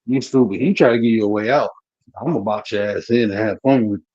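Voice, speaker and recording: A man's voice: lowish voice, quick pace, a little mellow, no room sound, lo-fi sound. A man hosting a casual livestream chat, talking bluntly and profanely with a lot of "bro" and a Black style. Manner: blunt, profane trash talk, repeatedly says bro. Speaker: livestream host.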